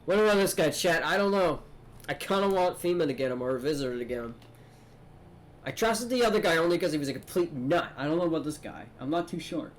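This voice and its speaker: A man's voice: fairly high pitch, expressive, fast. Casual gaming streamer, man. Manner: casual, addresses chat. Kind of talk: let's play commentary reading game dialogue aloud.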